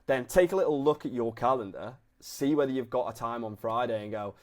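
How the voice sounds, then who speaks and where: Laid-back young British personal trainer. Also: male voice, medium pitch, brisk. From Britain. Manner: laid-back, acts out both sides of conversations. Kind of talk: casual coaching talk to camera.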